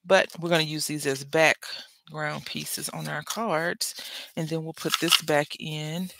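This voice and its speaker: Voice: medium pitch, level tone, unhurried, creaky, bright, forceful tone. A parent of school-age children hosting a papercraft session, chatting casually and rambling while crafting. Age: adult with school-age kids. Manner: rambling, chatty, self-interrupting. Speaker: papercraft channel host.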